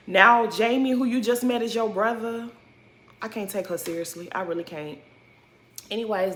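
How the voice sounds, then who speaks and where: A woman gives a sassy, animated recap of a reality show and talks straight to the people in it. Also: mid-range voice. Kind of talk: casual recap commentary.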